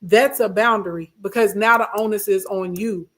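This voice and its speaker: A woman's voice: mid-range voice, fairly even intonation, moderate pace, fairly bright tone. A woman talks straight to her viewers in a mid-range voice, answering their comments on relationships. She is emphatic and repeats her points, often checking that listeners are following. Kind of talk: casual advice talk, livestream.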